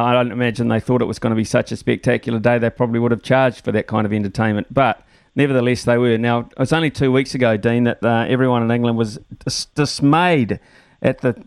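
Smooth, dry-voiced New radio host. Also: male voice, medium pitch, quick pace, dry recording. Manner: relaxed, chatty, thanks callers by name. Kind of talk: sports talkback radio. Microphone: studio microphone.

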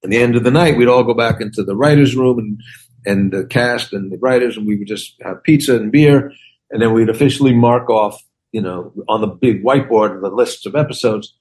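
In casual conversation, a man in his sixties who works as a comedian and actor spins lively stories, performing each side of the exchanges. He speaks briskly in a mid-range voice.

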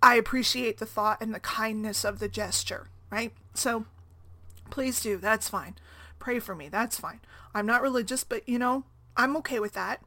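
A woman's voice: on the high side, normal speed, bright, forceful tone. A woman in her thirties speaking casually about her own life, chatty, often asking "right?" and laughing easily. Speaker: single mom blogger. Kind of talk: casual personal talk.

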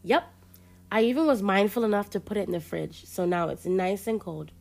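A woman reading aloud and voicing a bossy, teasing young woman who is the older sister, a little higher and louder than her narration. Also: lively intonation, normal speed, creaky. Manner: bossy and playful, mock-proud.

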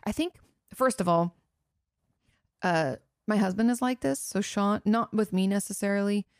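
Gravelly-voiced woman giving casual advice. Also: medium pitch, normal speed, no echo, studio quality. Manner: earnest, conversational, frequent "you know" asides. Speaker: therapist and podcast host. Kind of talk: casual advice talk answering listener questions.

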